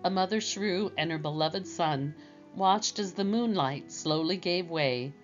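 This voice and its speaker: A woman gently narrating a children's storybook aloud. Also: on the low side, unhurried. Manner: gentle and expressive. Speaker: storybook reader. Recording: dull lo-fi with faint music.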